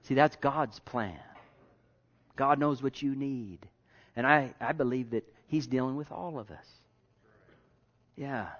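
Man preaching, chatty and repetitive, goes quiet then loud, kinda dull lo-fi recording. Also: mid-range voice, slow pace, long pauses. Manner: preaching with sudden swings from hushed to loud; repetitive, conversational asides. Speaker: pastor. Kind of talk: sermon.

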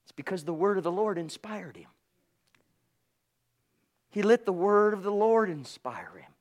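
A man preaching a sermon with passion, swinging from loud calls to hushed asides. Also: high-pitched, animated, a little slow.

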